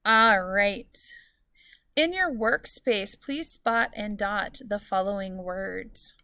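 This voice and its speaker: Taking it slowly, a woman delivers a recorded lesson to students with clear, patient explanations and drawn-out example words. Her mid-range voice is bright and forceful, with no echo.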